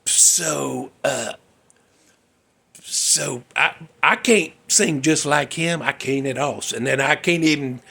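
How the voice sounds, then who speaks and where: A man's voice: mid-range voice, slow, creaky, sharp tone, breathy edge. A man hosting a casual music talk show, rambling, mocking himself and losing his place. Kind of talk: casual chat.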